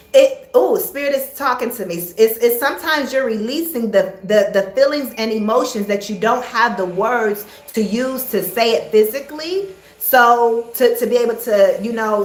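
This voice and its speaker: Female life coach on a live stream, soothing and encouraging, repeats phrases, slightly high voice, roomy echo. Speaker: spiritual life coach hosting a live meditation. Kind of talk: casual spoken live stream. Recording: echoey room.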